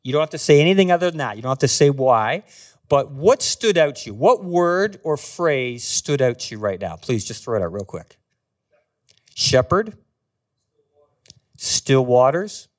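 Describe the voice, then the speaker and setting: A man giving a talk as a guest speaker, earnestly guiding a small group through a slow, meditative scripture reading. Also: mid-range voice. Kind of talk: sermon with guided scripture reading. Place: meeting room with a small group.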